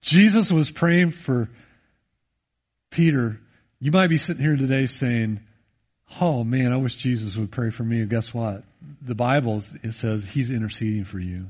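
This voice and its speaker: Preacher man with a lo-fi sound. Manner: rises loud and emphatic, then drops low and intimate; slows down to read scripture. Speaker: pastor. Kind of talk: sermon. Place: church.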